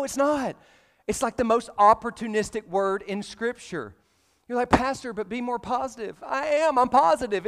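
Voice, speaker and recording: A man's voice: high-pitched, clean tone. A man in his thirties from Alabama with a Southern accent, preaching a casual, joking sermon as pastor of a church. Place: church sanctuary. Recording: reverberant church hall.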